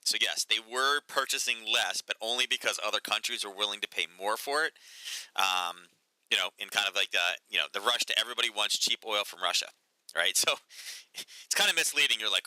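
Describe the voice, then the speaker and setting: Market-commentary host, man, casual and sarcastic, bright cutting voice, dry close sound. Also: fairly low pitch, lively intonation, fast talker, no echo, rough recording. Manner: chatty, sarcastic, lots of "right?" and "um".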